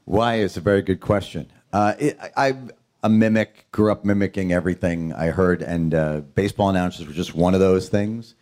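A man from Queens, an actor, chatting as a guest in a jokey, animated way and slipping into impressions. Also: deep voice, brisk. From Queens, New York. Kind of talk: casual interview chat.

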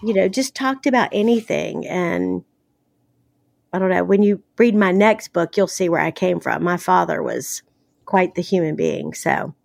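A woman's voice: fairly low pitch, very animated, unhurried, gravelly, a little mellow, no room sound, clean studio sound. A woman from the American South, an author being interviewed, talking casually with blunt, salty humor and lots of fillers. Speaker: author guest.

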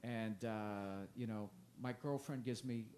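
A man's voice: on the low side, measured pace, a little mellow. Rambling, swearing comedian man. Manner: rambling, self-deprecating, swears often. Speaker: comedian guest. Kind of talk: casual chat. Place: festival interview.

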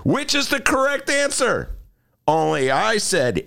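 A man's voice: fairly high pitch, very animated, a little slow, gravelly, pushed and bright. A man hosting a radio talk show in a studio, joking and mocking himself. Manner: joking, self-mocking, playful.

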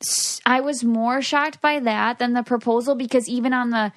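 A woman's voice: fairly high pitch, steady tone, moderate pace. A woman co-hosting a casual chat, telling stories in a chatty way full of "like". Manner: chatty, storytelling with many "like"s. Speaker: co-host.

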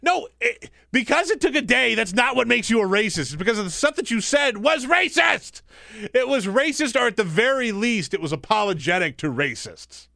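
A man filling in as host of a political talk radio show, joking and animated, laughing easily. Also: very high-pitched, moderate pace, vocal fry, dry recording, clean studio sound. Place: radio studio.

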